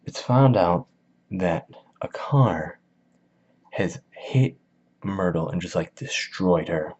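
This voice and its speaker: A man's voice: deep voice, expressive, slow pace, darkish tone, husky. A man giving a casual book summary in a slangy, rambling, jokey way, in a dull lo-fi recording. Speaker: video host.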